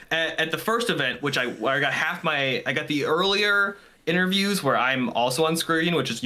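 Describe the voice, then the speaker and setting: Man, podcast guest, casual chat, earnest, animated, bright tone. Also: medium pitch.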